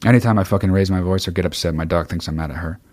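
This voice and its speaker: A man ranting on a livestream, heated and swearing constantly, with sudden bursts of shouting as he reads through chat. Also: sits low, racing, no echo. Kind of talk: profane livestream rant.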